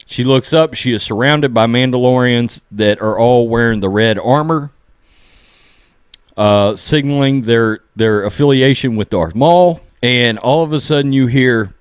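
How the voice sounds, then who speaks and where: A man giving a casual episode review, excitedly recapping scenes and acting out the characters' lines, often saying "okay?" and "look". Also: medium pitch, measured pace, smooth, no room sound, clean studio sound. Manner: animated, acts out character lines while recapping. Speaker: show reviewer.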